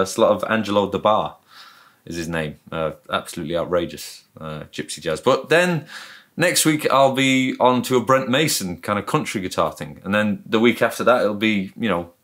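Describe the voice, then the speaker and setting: A man's voice: sits low, fairly bright tone. A man with a northern English accent, chatting casually as a guest in an interview, modest and rambling. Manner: modest, self-deprecating, rambling. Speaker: guest guitarist.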